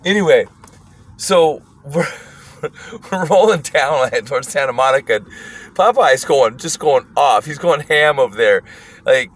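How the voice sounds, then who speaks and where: A man casually telling a wild story, animated and profane, often breaking into laughter. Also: medium pitch, unhurried, pauses often.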